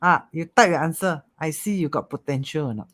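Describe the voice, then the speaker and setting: Metaphysics teacher, livestream class, animated, keeps checking "okay?". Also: mid-range voice, brisk. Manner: animated, repeats "okay?" and "ah", coaxing.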